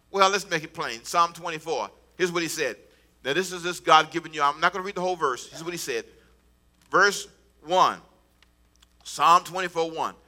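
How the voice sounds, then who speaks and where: A man in his fifties preaches in a high, piercingly bright voice. He calls out to his congregation for answers and builds into forceful exhortation. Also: lively intonation, fairly quick. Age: 50s. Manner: call-and-response preaching, rising to emphatic exhortation. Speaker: pastor. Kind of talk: sermon. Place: church before a congregation.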